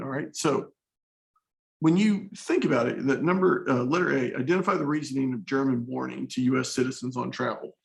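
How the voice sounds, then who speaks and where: A man's voice: medium pitch, vocal fry, low-quality recording. A man teaching a history class in a casual, storytelling way, talking straight to his students. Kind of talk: classroom lecture.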